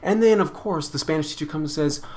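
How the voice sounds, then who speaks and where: A man's voice: fairly high pitch, fast talker, a little mellow. Frank rambling young man vlogging. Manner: frank, rambling, heavy on filler words. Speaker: YouTuber answering viewer questions. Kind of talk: casual Q&A vlog chat.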